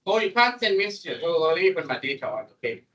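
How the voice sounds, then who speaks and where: A man giving a classroom programming lecture, animated and repetitive as he coaxes his students along. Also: on the high side, quick pace, lo-fi sound. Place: lecture room. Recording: voice distant from the mic.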